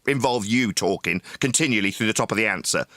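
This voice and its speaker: A man yelling and hurling insults at someone in a heated online voice-chat debate. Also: on the low side, fast talker, no echo, clean studio sound. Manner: shouting, insulting, domineering. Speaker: debate stream host.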